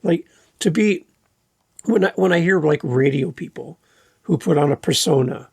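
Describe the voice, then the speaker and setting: A man hosting a podcast, talking in a relaxed, unhurried, conversational way. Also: fairly high pitch, vocal fry, breathy edge, no echo, studio quality. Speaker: podcast host. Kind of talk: casual chat. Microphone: podcast microphone.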